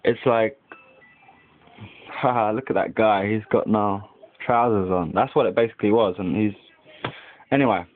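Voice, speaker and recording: A fairly low-pitched young man talks a little slowly and pauses often as he rambles to his webcam indoors by a window at home. He leans heavily on "like" and swears a lot, and the tinny lo-fi recording has slight background noise.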